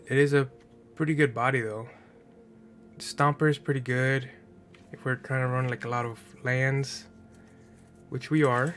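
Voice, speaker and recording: Male streamer, mid-pitched, slightly nasal from allergies, chatty and filler-heavy, soft background music. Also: fairly even intonation, a little slow. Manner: chatty, thinking aloud, frequent fillers and rhetorical "right?". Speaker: streamer building a card game deck. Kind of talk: casual gameplay commentary.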